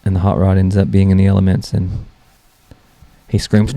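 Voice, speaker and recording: A man's voice: low-pitched, level tone, normal speed, creaky, warm tone. A young man hosting a solo comedy podcast, rambling and mocking himself as he jokes. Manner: rambling, self-mocking, jokey. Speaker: podcast host.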